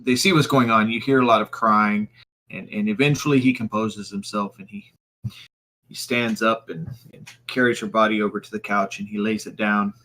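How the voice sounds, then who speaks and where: A man narrating as game master, halting with many fillers and restarts. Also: fairly low pitch, steady tone, bright, forceful tone.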